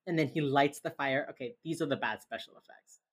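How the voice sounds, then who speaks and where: A woman's voice: a little fast, husky. A woman co-hosting a podcast, casually retelling a TV episode and filling her talk with "like". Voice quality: very low-pitched, relaxed storytelling with lots of "like". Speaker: podcast co-host recapping a TV episode. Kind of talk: casual chat.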